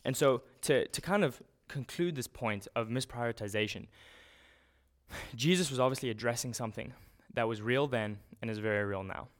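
A man preaching a sermon in a relaxed, conversational way, often restarting and using fillers. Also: medium pitch, normal speed.

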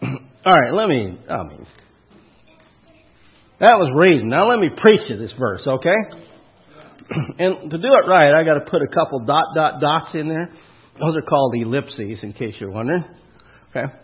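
A man's voice: on the high side, animated, moderate pace, long pauses, slightly rough. A man preaching a sermon in a folksy, punchy way, asking the listeners questions and hitting key words hard. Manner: folksy, punchy preaching with rhetorical questions and sudden loud emphasis. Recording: tinny phone-like sound.

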